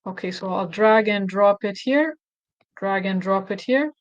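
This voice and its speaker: A woman hosting a casual screen-recorded software walkthrough, thinking aloud and correcting herself with frequent restarts. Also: medium pitch, measured pace, lo-fi sound. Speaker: tutorial host.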